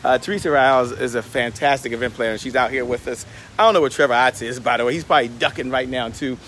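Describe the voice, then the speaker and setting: A man with a mid-range, somewhat bright voice talks quickly into a phone held in his hand while walking outdoors near a hotel, with slight background noise. He's hosting a casual livestream vlog, upbeat and motivational, and is slightly out of breath.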